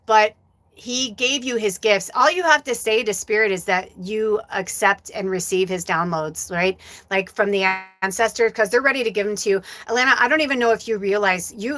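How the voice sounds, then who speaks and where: A woman's voice: medium pitch, bright, forceful tone. A woman psychic medium giving a live channeled reading and telling a personal story in a rambling, casual way, with lots of fillers and some swearing.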